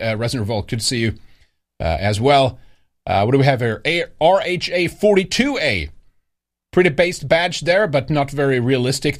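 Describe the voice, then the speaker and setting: A man hosting a livestream, casually commenting on news and reading viewer chat, rambling with many hesitations and restarts. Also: mid-range voice. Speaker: livestream host.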